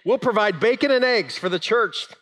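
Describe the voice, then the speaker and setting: A man voicing an eager barnyard hen in a squeaky falsetto imitation during a sermon. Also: lively intonation, normal speed, a bit bright. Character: chirpy high-pitched barnyard hen.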